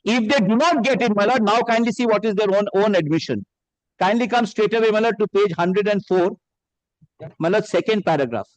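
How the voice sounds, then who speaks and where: A man with a high-pitched voice and makes a courtroom argument, reading documents aloud to the bench with deference. The sound is dry and close, with no room reverb. He addresses the court with steady formality. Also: fairly quick. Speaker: advocate.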